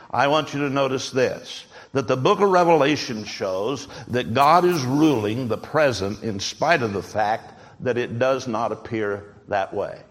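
A man's voice: mid-range voice, fairly bright tone. A man preaching a sermon, emphatic and full of rhetorical questions. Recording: long hall reverb.

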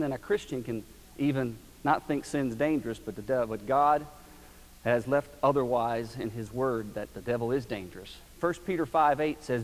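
A man's voice: medium pitch, big-room sound, low-quality recording. A man preaching a sermon as pastor, telling stories in a folksy, emphatic way.

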